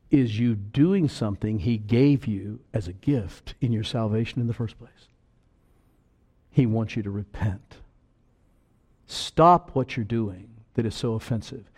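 A man preaching a sermon, earnest and slow on key words, breaking into sudden loud bursts of urgency. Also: mid-range voice.

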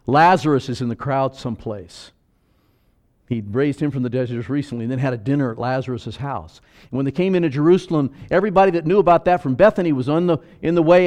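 A man preaches a sermon in a lively, sing-song voice that sits a little high for a man. He swings from loud emphatic bursts to quiet, wry asides, loose and conversational at the pulpit. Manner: animated preaching with sudden loud and soft swings and joking asides. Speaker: pastor.

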